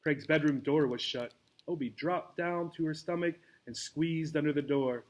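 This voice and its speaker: Teacher guy reading a kids' book, lively and expressive, kinda high voice. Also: normal speed. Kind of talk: storybook read-aloud.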